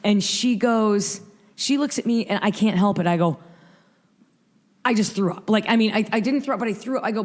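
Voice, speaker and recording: A woman in her fifties from Michigan, a radio host telling an anecdote in a rapid, breathless way, acting out quotes as she goes. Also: mid-range voice, darkish tone. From Michigan, USA. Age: 50s.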